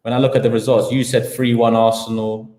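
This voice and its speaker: A man with a London accent hosts a live football talk stream, ranting in a slangy, heated way and stacking up his points. His voice sits at a middle pitch. The room around him is echoey. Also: little pitch movement, fairly quick, a little mellow.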